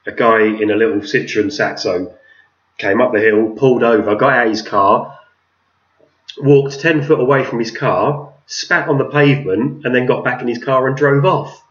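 Laid-back guy, roomy and distant. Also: mid-range voice. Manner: laughing, swearing, chatty storyteller. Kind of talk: casual chat. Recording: roomy, distant, dull sound.

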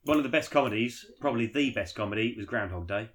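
A man's voice: on the low side, fast talker. A man chatting casually as a podcast co-host, swearing freely and rambling through his stories. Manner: sweary, rambling, animated storytelling. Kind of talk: casual chat.

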